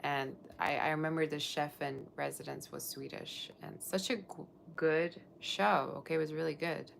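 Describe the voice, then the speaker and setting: A woman with a low voice and a gravelly edge gives a live tarot reading. She talks in a chatty, rambling way and answers her viewers' comments as she goes. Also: fairly even intonation, moderate pace, slight background noise. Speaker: tarot reader.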